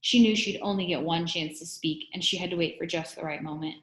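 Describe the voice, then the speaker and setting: A woman reading a children's chapter book aloud in an expressive, steady storytelling manner. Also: lowish voice, a little fast. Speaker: reader. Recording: roomy echo.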